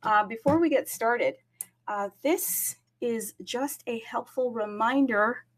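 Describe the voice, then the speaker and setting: A woman hosting a casual livestream, chatty and upbeat, greeting viewers city by city and talking to the audience with frequent fillers. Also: a little high. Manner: frequent fillers, self-aware about talking fast. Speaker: livestream host. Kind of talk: casual crypto livestream chat.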